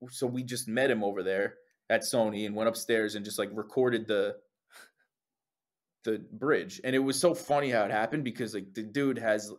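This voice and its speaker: His pitch is fairly low and his speed normal as this young singer from New Jersey, a guest, chats casually through his stories. The telling is lively, full of swearing, with him acting out others' words.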